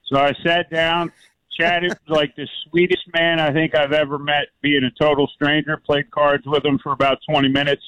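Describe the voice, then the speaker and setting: A man phones in to a sports talk show, chatty and friendly as he tells his story. His voice is a little high, and the sound is dry and close. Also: flat delivery, normal speed, pushed and bright, no room sound, lo-fi sound. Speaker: caller.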